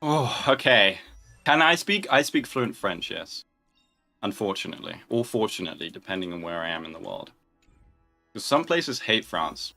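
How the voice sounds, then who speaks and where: A man's voice: fairly low pitch, big pitch swings, normal speed, gravelly, sharp tone. Chatty young male streamer over music. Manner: chatty, joking, answering viewer questions. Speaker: livestream host. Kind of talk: casual livestream chat.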